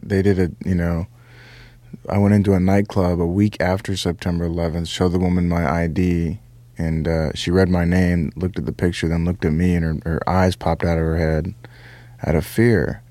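A man's voice: sits low, moderate pace, no room sound. A young adult man, a comedian, dryly telling airport stories in a radio interview. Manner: deadpan joke delivery, laughs at own lines. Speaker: comedian guest.

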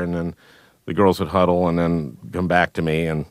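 A man, a guest comedian, telling anecdotes in a radio interview, with halting restarts and chuckles. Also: low-pitched, level tone, clear, resonant tone, no room sound, studio quality.

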